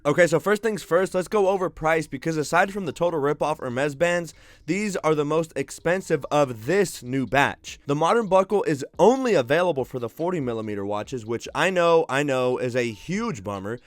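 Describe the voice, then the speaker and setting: A man's voice: a little high, animated, normal speed, dry recording. A young man reviewing watch bands in an upbeat, slangy way, sounding sick and congested. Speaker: tech reviewer. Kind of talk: scripted product review.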